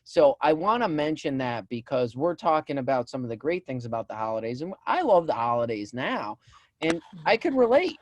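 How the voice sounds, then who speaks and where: A man co-hosting a casual talk show, telling stories that poke fun at himself. His pitch swings widely as he talks, and he breaks into loud laughter at his own jokes. The sound is dry and close to the mic. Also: moderate pace, no echo, muffled recording. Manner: animated, self-deprecating storyteller, gets loud when laughing. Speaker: podcast co-host. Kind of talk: casual chat.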